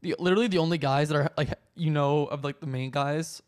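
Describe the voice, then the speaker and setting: Young male co-host, quick rambling sports chatter, light pitch. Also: steady tone, smooth. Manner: quick rambling talk with many fillers. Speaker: podcast co-host. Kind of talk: casual sports chat.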